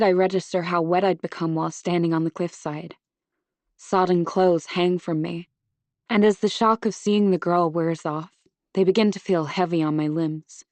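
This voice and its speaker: A woman reading a suspense novel aloud in first person, measured and close to the microphone. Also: lowish voice, a little mellow, dry recording. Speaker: audiobook narrator.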